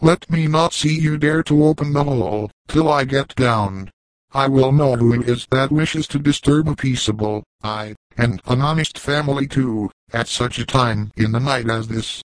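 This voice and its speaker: A man reading the lines of a sharp-tongued frontier mother who scolds and mutters threats, in a dry, close sound. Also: mid-range voice, normal speed, dry recording, lightly acted. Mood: scolding.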